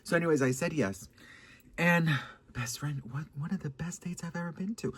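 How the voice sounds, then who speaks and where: A man telling dating stories to his viewers in a casual, sassy, dramatic way, swearing and changing his pitch often. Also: brisk, no echo. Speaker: vlogger. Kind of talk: casual storytime chat.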